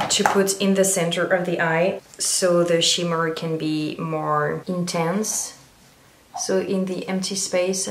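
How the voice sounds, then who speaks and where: A woman chatting casually through a makeup tutorial, meandering and filling pauses with ums. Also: on the low side, a little hiss or hum. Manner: chatty, meandering, frequent fillers. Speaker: beauty vlogger. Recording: roomy echo.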